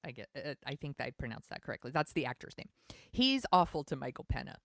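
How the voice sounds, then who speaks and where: A woman's voice: extremely low pitch, sing-song, fast, creaky, dry recording, studio quality. A woman co-hosting a podcast in casual chat, exasperated as she talks through her notes. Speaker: podcast co-host.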